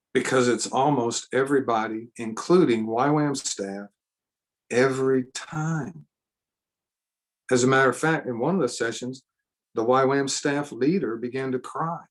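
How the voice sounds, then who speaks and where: A man preaching at a teaching seminar in a sermon style. He speaks slowly and deliberately, earnestly emphatic, and restates key phrases for weight. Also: medium pitch.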